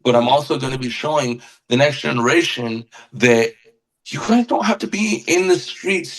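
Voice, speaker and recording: A man's voice: medium pitch, rough recording. A man who is a guest musician on a podcast, talking with earnest passion and often repeating words as he searches for them. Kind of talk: casual podcast conversation.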